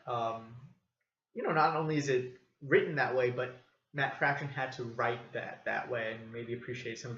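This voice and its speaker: A man's voice: mid-range voice, fairly bright tone. A man talking casually about a comic book as the show's reviewer, rambling along with many ums, likes and self-corrections. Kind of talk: casual solo review talk. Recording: roomy, dull lo-fi recording with faint noise.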